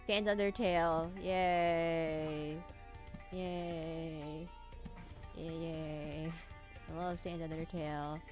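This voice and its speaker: A woman's voice: deep voice, flat delivery, drawn-out words, over music. A woman streaming a game, rambling goofily with frequent laughs and hummed snippets. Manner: goofy, rambling, giggly, hums and sings snippets. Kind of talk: casual gameplay commentary.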